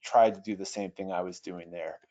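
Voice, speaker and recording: A man teaching an online webinar on translation, talking in a thoughtful, hesitant way with restarts, slowly sounding out foreign phrases. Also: sits low, fairly even intonation, mellow. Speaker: Bible software trainer. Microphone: computer mic over internet.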